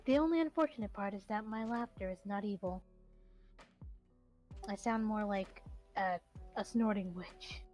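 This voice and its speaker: A woman co-hosting a casual stream, teasing with mock-menacing, deadpan jokes. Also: medium pitch, normal speed, long pauses, soft background music, poor audio. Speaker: stream co-host.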